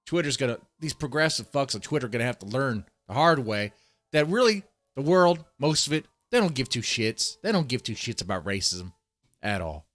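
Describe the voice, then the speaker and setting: A man's voice: medium pitch, big pitch swings, brisk, fairly bright tone, soft background music. A man reacting to a video on a live stream, greeting chatters and ranting with heavy swearing. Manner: profane, ranting, mocking. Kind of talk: casual live-stream commentary.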